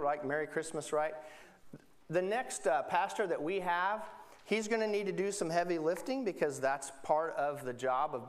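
Chatty joking male pastor, slightly high voice. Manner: chatty, joking, self-interrupting. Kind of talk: casual sermon.

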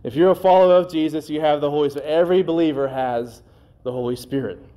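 A man preaching a sermon in a conversational way, with folksy asides, and slowing down on scripture phrases. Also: on the high side, warm tone, smooth. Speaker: pastor.

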